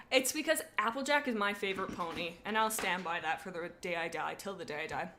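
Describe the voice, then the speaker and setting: A young woman streaming live, casually reading fan fiction aloud with excitable, giggly, rambling tangents. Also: fairly low pitch, fast, hardly any pauses, a little hiss or hum.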